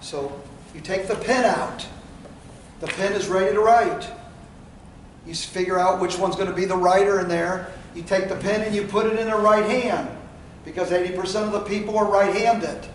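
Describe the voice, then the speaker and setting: At normal speed and in a voice that sits high, a man conducts sales training in a meeting room. His style is folksy, and he acts out the things to say to customers. With no microphone and some distance from the recorder, the audio comes across roomy and distant with faint room noise.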